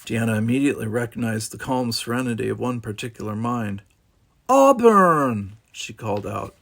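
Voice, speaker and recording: A man's voice: fairly low pitch, level tone, fast talker, vocal fry. A man reading a novel aloud, with wry casual asides. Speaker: audiobook narrator.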